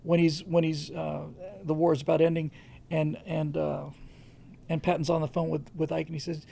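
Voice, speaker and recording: A man's voice: on the high side, level tone, normal speed, creaky, dark tone, slight background noise. A man hosting a livestream, answering viewer questions in casual, rambling talk with frequent restarts. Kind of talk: casual unscripted commentary.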